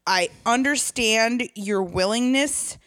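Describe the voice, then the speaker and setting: A woman's voice: fairly high pitch, slow, fairly bright tone, no echo. A woman co-hosting a chatty podcast, joking with her friend and reading the show's sign-off plugs. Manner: playful, laughing, reads show plugs. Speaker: podcast co-host. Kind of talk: casual chat.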